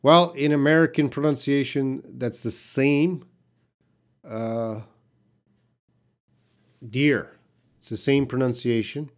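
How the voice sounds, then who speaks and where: A Canadian man teaches English on a live stream, reading viewer questions aloud and answering plainly, sometimes with blunt emphasis. He speaks at an ordinary middle pitch with fairly even intonation, a little slowly, through a computer mic.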